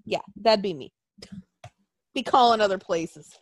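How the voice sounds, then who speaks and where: A woman's voice: medium pitch, lively intonation, unhurried, pauses often, no echo. A woman co-hosting a casual wrestling chat, profane and mocking, talking close to a dry mic.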